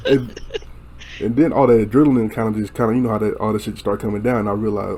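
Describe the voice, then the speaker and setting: Animated, laughing young man telling a story. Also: fairly low pitch, brisk, slight background noise. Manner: animated, profane, laughing, acts out quotes. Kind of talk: casual storytelling chat.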